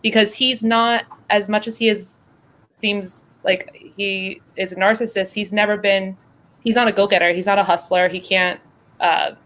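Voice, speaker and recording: A woman hosting a casual livestream panel talks in a loose, rambling way full of fillers. Her voice sits at a middle pitch and comes through a remote call mic. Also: fairly even intonation, moderate pace, fairly bright tone, slight background noise. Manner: chatty, rambling with many fillers. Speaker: host.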